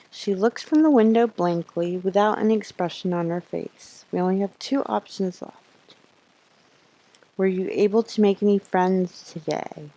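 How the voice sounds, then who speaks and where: Woman streamer reading game text aloud, unhurried pace, darker tone. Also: mid-range voice, mellow, no echo, rough recording. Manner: reads the text slowly, with asides and laughs.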